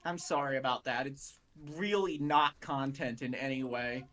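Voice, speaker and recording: A man's voice: mid-range voice, normal speed, a bit bright. A young man co-hosting a casual chat, rambling and jokey. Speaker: podcast co-host.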